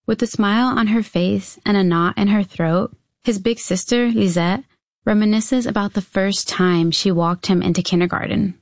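A woman reporter giving a scripted, measured news narration. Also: mid-range voice, no echo. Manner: measured, even storytelling delivery.

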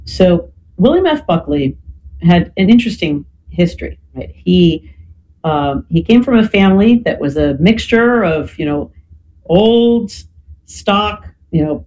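Mellow lecturer with "you know" fillers. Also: mid-range voice, slight background noise, poor audio. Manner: frequent "right?" checks and "you know" fillers. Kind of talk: explanatory talk.

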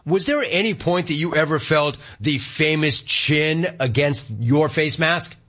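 A man's voice: a little high, unhurried, fairly bright tone. A man hosting a sports talk show, interviewing a former player in an emphatic, enthusiastic way. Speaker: sports radio host. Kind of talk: casual interview. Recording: dull lo-fi sound.

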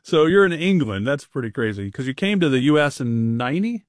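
A man's voice: mid-range voice, sing-song, brisk, dry recording, clean studio sound. A man in his fifties hosting a radio show, talking in an upbeat, chatty way. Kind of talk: casual radio chat.

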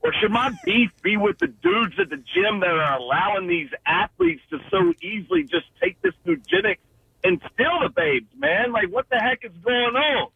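Brief: male caller, high and animated, gravelly and husky, phone-line sound, playful mock outrage. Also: normal speed. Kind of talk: call-in comedic complaint.

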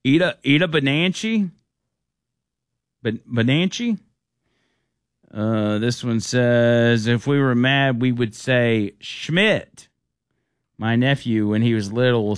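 A man's voice: mid-range voice, no echo, studio quality. A man hosting a casual chat, reading out listener messages and laughing often. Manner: laughs often, reads out phrases slowly. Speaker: show host reading listener comments.

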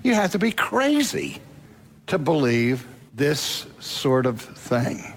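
A man playing a blunt, scornful Roman governor who mocks and shouts in exasperation. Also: mid-range voice, very animated, slow, slight background noise. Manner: loud, mocking and exasperated.

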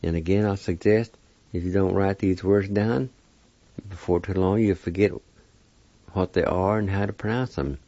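A man's voice: low-pitched, steady tone, normal speed, dark tone, no echo, highs cut off. A man teaching a weekly pronunciation lesson on radio, patiently spelling words and repeating each one syllable by syllable.

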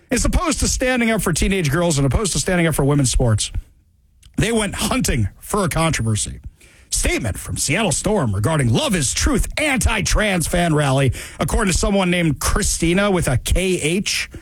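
A man with a high voice hosts a talk show, running an opinionated monologue full of sarcasm and mockery. His pitch jumps up and down constantly as he talks. The sound is dry and close, with no room around it. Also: breathy edge, dry recording. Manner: sarcastic, mocking, animated.

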